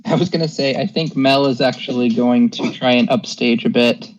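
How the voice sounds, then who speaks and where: A man playing a tabletop game online, relaxed and matter-of-fact. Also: medium pitch, moderate pace, dull audio, over a noisy crowd. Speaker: player. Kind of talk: casual tabletop play. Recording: noisy voice chat from far off.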